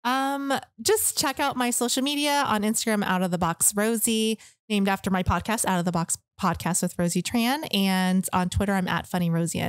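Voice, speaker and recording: A woman, a comedian chatting as a podcast guest, telling stories in an animated way and acting out the quotes. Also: medium pitch, normal speed, hardly any pauses, no echo, studio quality. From New Orleans, West Bank (Algiers). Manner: animated storytelling, laughs often, acts out quotes. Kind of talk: casual podcast chat.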